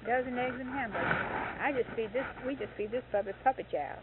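A woman in casual conversation, chatty and quick to agree, at times scolding a puppy. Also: fairly high pitch. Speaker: dog owner in conversation. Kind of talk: casual chat. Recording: distant tinny tape with clear hiss.

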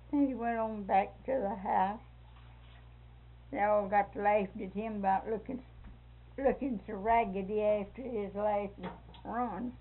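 In this oral history interview, an older woman relates a family story in an unhurried, mid-range voice, captured in lo-fi audio that sounds like a phone. She's animated, performing each character's voice and laughing frequently.

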